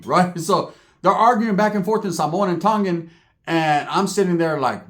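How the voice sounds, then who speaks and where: A man spinning a profane, comic story with lots of energy, tagging nearly every line with "right?". His voice sits a bit high for a man and swings widely as he acts out the other people in the story. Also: a little fast. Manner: animated, acts out characters, constant "right?" tags.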